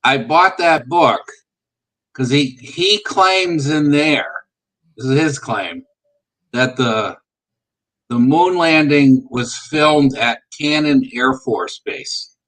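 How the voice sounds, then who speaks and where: Slow, hesitant male podcast co-host. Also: fairly high pitch, fairly bright tone, poor audio. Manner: hesitant, relaying claims with fillers. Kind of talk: casual podcast chat.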